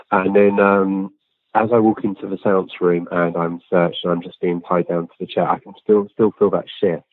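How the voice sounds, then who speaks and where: A man's voice: sits low, level tone, moderate pace. A man, an interview guest, talking plainly and earnestly with frequent ums and restarts. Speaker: guest, physical medium. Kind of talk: relaxed conversational storytelling. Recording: tinny phone-line sound, dry.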